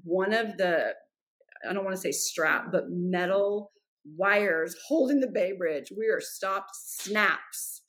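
A woman's voice: medium pitch, takes it slowly, husky. A woman guest on a podcast telling a personal story frankly and with energy, acting out what people said and swearing casually. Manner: frank and animated, acts out quoted dialogue, swears casually.

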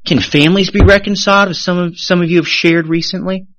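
A man preaching a sermon as pastor, animated, rising sharply then dropping to a hush, and briefly acting out the voices of the people he quotes. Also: high voice, fast talker, dry recording, muffled recording. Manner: animated preaching with sudden rises and hushed drops; acts out quoted voices of the congregation.

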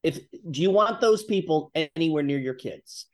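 A man's voice: on the high side, expressive, moderate pace. A man, a guest writer on a talk show, speaking in an indignant, emphatic way.

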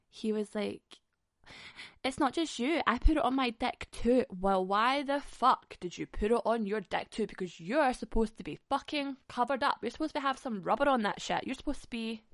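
A woman's voice: on the high side, fairly bright tone, dry recording, studio quality. A young woman hosting a podcast, telling a frank story bluntly with lots of swearing and laughing mid-sentence. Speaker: podcast host. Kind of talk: candid comic storytelling.

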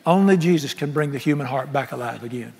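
A middle-aged pastor, preaching a folksy, impassioned sermon that swings from loud to soft. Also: male voice, medium pitch, quick pace, creaky. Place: large church sanctuary. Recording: echoey sanctuary with long reverb.

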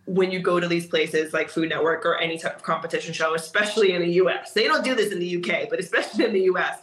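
A woman with a fairly low voice tells her stories in a lively way, with frequent laughter. She is a guest on an interview show and teaches cookie decorating. Her voice sits in a roomy, echoing space. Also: quick pace, a little hiss or hum. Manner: animated, laughs often while telling stories. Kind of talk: casual storytelling in an interview. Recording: roomy echo.

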